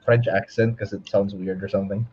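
A man's voice: lowish voice, little pitch movement, a little fast, a little mellow, muffled recording, a little hiss or hum. A man co-hosting a casual podcast chat, joking and teasing. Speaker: podcast co-host.

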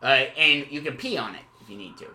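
A man hosting an improvised comedy podcast, rambling and halting with many fillers before turning suddenly emphatic. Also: fairly high pitch, very animated, sharp tone, roomy sound, slight background noise. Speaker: podcast host.

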